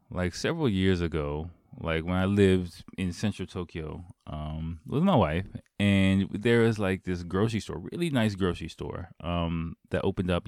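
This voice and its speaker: A man with a very low voice talks through a loose, rambling monologue as host of his own show. He fills his sentences with "um" and "like" and swears offhandedly. The sound is close and dry, with no room around it. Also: a little mellow, clear, resonant tone, dry recording. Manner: rambling, filler-heavy, swears casually. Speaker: podcast host. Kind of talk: casual storytelling monologue.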